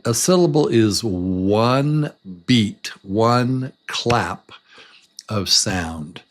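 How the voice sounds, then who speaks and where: Very slow-speaking male English teacher. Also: lowish voice, lively intonation. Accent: American. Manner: slow and deliberate, repeating words beat by beat. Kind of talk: slow, patient beginner lesson.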